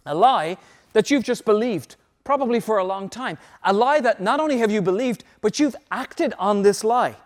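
A pastor with a high-pitched male voice delivers an emphatic sermon. He presses his points and repeats key phrases so the congregation can write them down. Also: lively intonation, moderate pace.

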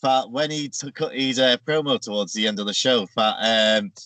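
A man's voice: medium pitch, normal speed, sharp tone, dry recording. A man co-hosting a podcast, casually recapping events step by step with frequent filler words. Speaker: podcast co-host. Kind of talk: casual chat recapping a wrestling show.

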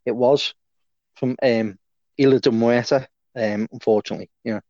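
A man's voice: medium pitch, fairly even intonation, moderate pace, darkish tone, no room sound. A man co-hosting a podcast, joking along with hesitant fillers. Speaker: podcast co-host. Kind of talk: casual podcast chat. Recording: dull, slightly lo-fi dry sound.

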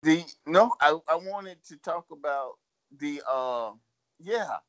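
A man talks slowly, pausing to find his words. His pitch rises and falls a lot as he goes. The recording is dry and close. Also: animated, no echo. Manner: slow, halting, thinking aloud. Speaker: co-host. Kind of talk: casual chat.

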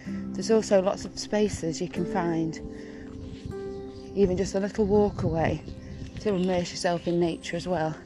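Woman, middle-aged, slightly low voice, out of breath, gentle encouraging chat, outdoor recording with clear music. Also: poor audio. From Peak District, England. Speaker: podcast host. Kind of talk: casual outdoor podcast talk. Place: small wood outdoors, birds around, distant traffic.

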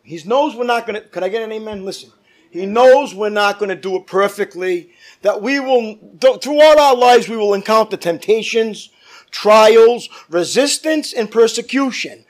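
A man's voice: sits high, moderate pace. A man preaching a fervent sermon as pastor, calling out to his congregation. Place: church.

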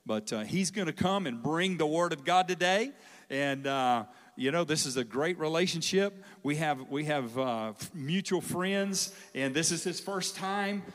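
A man, a pastor, introducing a guest speaker to his church with halting, filler-laden speech. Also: fairly high pitch, animated, fairly bright tone. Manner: halting, with many fillers and restarts. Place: large church hall. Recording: reverberant church hall.

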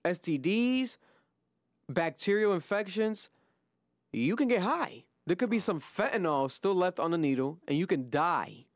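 A man's voice: lively intonation, a little slow, no room sound, clean studio sound. A man hosting a casual podcast, talking loosely with lots of swearing and fillers. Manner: loose and profane, drifting in pitch, trailing off with fillers. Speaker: podcast host.

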